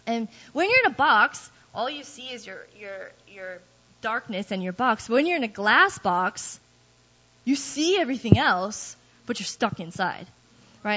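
Brief: woman, slightly high voice, candid self-deprecating church testimony, muffled lo-fi recording. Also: fairly bright tone. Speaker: guest speaker giving testimony. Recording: dull lo-fi recording.

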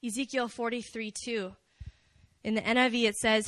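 A young woman preaching casually at a prayer meeting, animated and chatty, joking with the listeners. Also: on the high side, moderate pace, no room sound. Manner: animated, chatty, jokes with the crowd. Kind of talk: casual sermon.

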